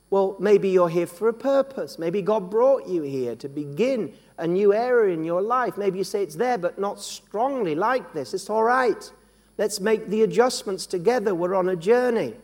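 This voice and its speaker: A man's voice: high-pitched, a little mellow. A man preaching a sermon in a church hall, earnest and repetitive, often restarting his phrases. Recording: long hall reverb.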